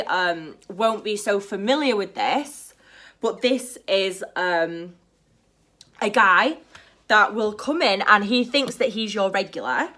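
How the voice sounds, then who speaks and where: A young British woman chatting to camera in a blunt, profane and animated way. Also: mid-range voice. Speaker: vlogger. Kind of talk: casual to-camera chat.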